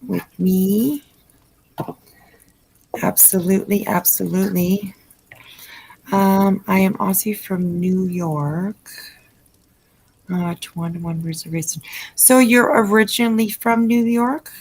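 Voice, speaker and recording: A woman's voice: mid-range voice, fairly even intonation, slow, long pauses, a little mellow, breathy edge, poor audio. A woman hosting a late-night livestream, chatting effusively with her viewers and reading their messages with plenty of fillers. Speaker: livestream host reading chat.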